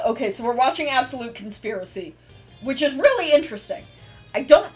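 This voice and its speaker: A woman streamer in casual chat, animated and swearing freely with many fillers. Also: sits high.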